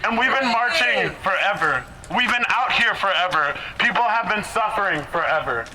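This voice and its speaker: A man's voice: high-pitched, lively intonation, normal speed. An out-of-breath man giving an earnest, impassioned protest speech at an outdoor rally. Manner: earnest, repetitive, shouts to the crowd. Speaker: rally speaker. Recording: outdoor rally with heavy background noise.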